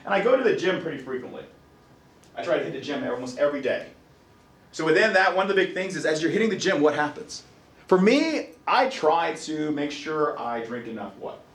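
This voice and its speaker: A man's voice: fairly high pitch, a little fast, reverberant. A man lecturing a college class with jokes and questions thrown to the students. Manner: animated, jokey, asks the class questions.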